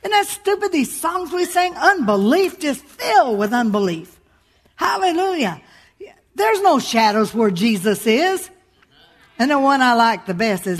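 Middle-aged woman pastor, high voice, emphatic humorous sermon delivery. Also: big pitch swings, unhurried, big-room sound. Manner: exclaims hallelujah often, emphatic and humorous.

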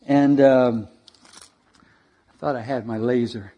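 Animated male preacher telling a story. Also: medium pitch, takes it slowly, muffled recording. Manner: animated, dramatic storyteller who directs slides. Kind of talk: sermon storytelling.

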